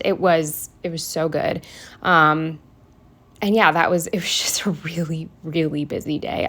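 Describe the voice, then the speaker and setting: A woman in her twenties chatting casually through her planner week, swearing freely and filling pauses with "um" and "like". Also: low voice. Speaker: planner vlogger. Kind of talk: casual chat.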